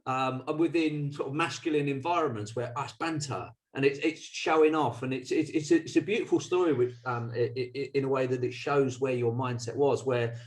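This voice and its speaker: A man co-hosting a podcast, reflecting thoughtfully on a guest's story over a video call. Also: mid-range voice. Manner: thoughtful, analytical, measured. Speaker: podcast co-host. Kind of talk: reflective interview talk.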